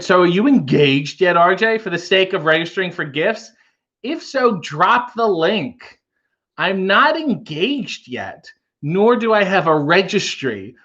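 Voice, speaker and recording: A man's voice: on the high side, fairly bright tone, muffled recording. A man hosting a casual livestream, reading viewer comments aloud and riffing on them with wry humor. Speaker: livestream host reading chat.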